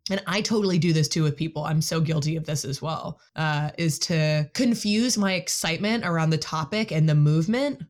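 Low-voiced woman, candid and self-aware. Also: fairly quick, hardly any pauses. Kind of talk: casual conversation.

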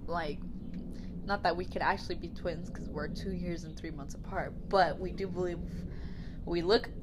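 A woman's voice: on the low side, fairly even intonation, moderate pace, noisy background. A young woman co-hosting a podcast in casual chat, talking with many fillers and acting out what people said. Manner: chatty, many "like" fillers, acts out quotes. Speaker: podcast co-host.

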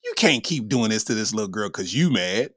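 A man's voice: fairly low pitch, sing-song, a little fast, fairly bright tone, no room sound, studio quality. A man hosting a comedy podcast, talking in loose slang with frequent laughter and an irreverent tone. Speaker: podcast host. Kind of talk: casual comedic commentary.

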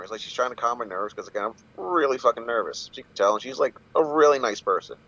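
A man's voice: medium pitch, animated, fast, hardly any pauses, a bit bright, highs cut off. A man chatting casually on a podcast, swearing freely and laughing often. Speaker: wrestler guest.

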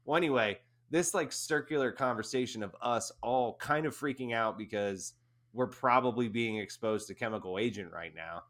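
A man, an army veteran guest, casually telling an animated anecdote and often laughing. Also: medium pitch, normal speed. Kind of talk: casual storytelling.

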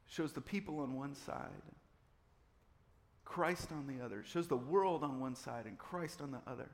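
A pastor's medium-pitched voice carries a long reverb tail as he preaches at normal speed. His sermon builds through repetition, growing more and more intense.

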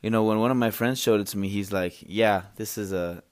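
A man's voice: fairly low pitch, brisk. A young man hosting a solo podcast, rambling and joking with lots of fillers and restarts. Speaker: podcast host. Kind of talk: solo casual chat. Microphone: podcast microphone.

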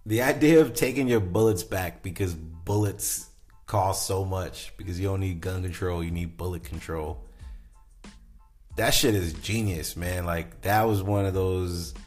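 Deep-voiced rambling man, casual host. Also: steady tone, normal speed, a little mellow, soft background music. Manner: rambling, lots of "like" and "you know"; enthusiastic. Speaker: podcast host. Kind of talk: casual commentary.

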